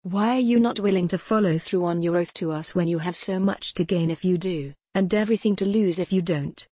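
A woman reading an audiobook voices a cool, mocking man who leads a sinister order, with a smooth, sardonic manner. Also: lowish voice, brisk, dark tone, no room sound, studio quality, natural voice. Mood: cold.

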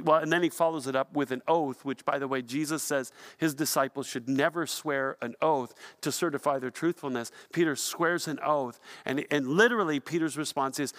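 Man preaching an animated sermon. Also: mid-range voice, normal speed. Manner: animated storytelling, swings from hushed to loud. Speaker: pastor.

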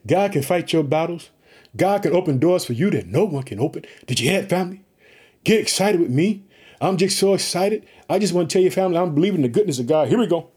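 Pumped up and excited, a high-voiced man preaches with great energy. Catchphrases come back again and again as he calls out to those listening.

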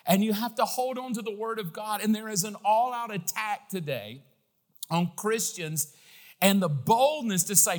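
A middle-aged man delivering a sermon as pastor. His voice sits high for a man. He preaches with passion, swinging between hushed, conversational asides and bold, emphatic climaxes. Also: expressive, moderate pace.

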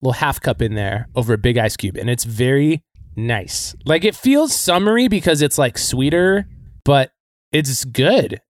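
A man's voice: mid-range voice, moderate pace, no room sound, clean studio sound. A man co-hosting a casual podcast over a remote call, chatty and full of asides. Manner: lively, chatty, lots of likes and trailing asides. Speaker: podcast co-host. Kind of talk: casual chat. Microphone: remote call mic.

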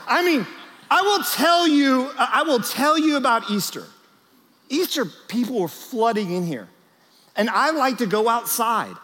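A male pastor preaching to a big crowd, his voice high and swinging widely as he tells stories. He speaks straight to the people in front of him. The sound rings out with the long reverb of a large church hall. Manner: animated storytelling, talks straight to the crowd. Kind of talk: sermon to church leaders.

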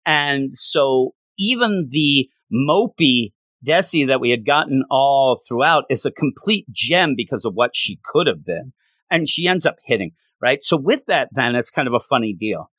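A man casually recapping a comic book issue and acting out the characters' lines in livelier, higher voices. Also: expressive, a little slow, fairly bright tone, dry recording. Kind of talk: casual recap with acted-out quotes.

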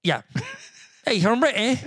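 A man's voice: high-pitched, big pitch swings, fairly bright tone, husky, no room sound, studio quality. A man co-hosting a podcast, making jokes and bantering in casual chat. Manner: joking, teasing, quick banter. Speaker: podcast co-host.

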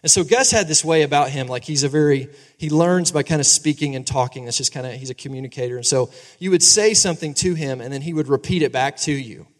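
A fairly high-voiced man in his thirties preaches to his congregation in a church sanctuary, his words ringing through a long hall reverb. He is animated and conversational, often checking that the listeners agree with him. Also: fast talker, few pauses. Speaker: pastor. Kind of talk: sermon.

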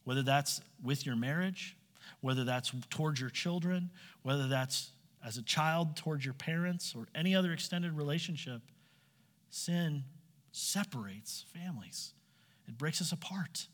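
A man's voice: fairly high pitch, moderate pace. A man preaching a sermon, asking his listeners direct questions and acting out quoted voices. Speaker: pastor. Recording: long hall reverb.

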